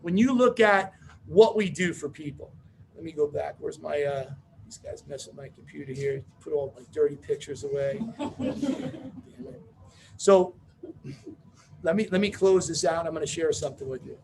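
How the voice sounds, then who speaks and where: A man giving a motivational business seminar talk, brash and joking, telling rapid-fire stories to a room. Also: a little high, creaky, background noise. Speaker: business opportunity speaker.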